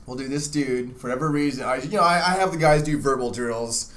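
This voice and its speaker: A man's voice: mid-range voice, brisk, a bit bright. A man hosting a casual dating advice chat, crude and rambling, full of restarts. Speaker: dating coach host.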